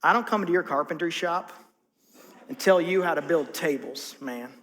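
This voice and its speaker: A man voicing a tired, grumbling adult fisherman in a sermon, in a low, flat voice. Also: normal speed, in a large hall.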